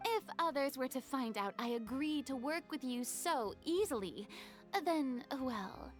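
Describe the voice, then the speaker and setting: Proud theatrical young woman, game voice, haughty, showy, soft game music behind. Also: high-pitched, lively intonation, measured pace.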